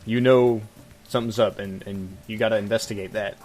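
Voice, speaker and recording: Brief: man, comedy co-host, wry and mocking, quick laughs, faint music bed behind. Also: fairly low pitch, steady tone, a little mellow. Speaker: podcast co-host. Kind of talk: casual comedic chat.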